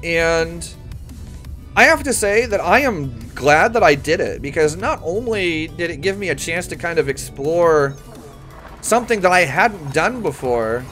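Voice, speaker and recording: A man's voice: high voice, fairly bright tone. A man casually chatting on a live game stream, rambling, correcting himself and laughing easily.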